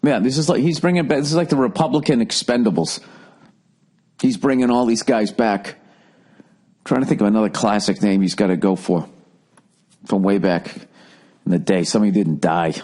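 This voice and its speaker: A man with a low voice and a Boston accent rants his way through a casual solo monologue. He swears constantly and sounds exasperated, rambling from one gripe to the next. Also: normal speed, long pauses, a little mellow. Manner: profane, ranting, exasperated. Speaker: podcast host.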